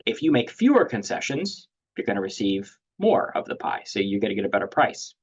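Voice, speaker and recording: A man's voice: fairly low pitch, sing-song, a little fast, slightly rough. A man presenting a webinar lecture on negotiation, talking loosely with many fillers and restarts. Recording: dull lo-fi audio.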